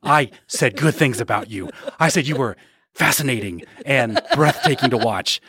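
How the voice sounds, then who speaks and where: Male podcast co-host, mid pitch, sarcastic rants, dry close sound. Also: expressive, moderate pace, a bit bright, slightly rough, dry recording. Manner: sarcastic, ranting. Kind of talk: casual pop-culture chat.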